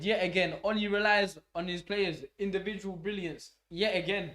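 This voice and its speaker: Young man, fan host, excitable and sweary, bright forceful tone, slightly higher voice. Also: moderate pace, few pauses. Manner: swearing, excitable, shouts at the game. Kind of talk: live football watch-along.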